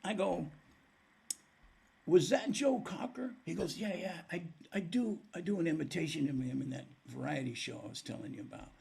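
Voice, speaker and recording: An older man with a gravelly, husky voice tells stories as a podcast guest, slipping into the voices of the people in them. His voice sits a little high for a man. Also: quick pace, few pauses. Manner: animated storyteller acting out quoted dialogue. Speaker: guest musician. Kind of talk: storytelling in a podcast interview.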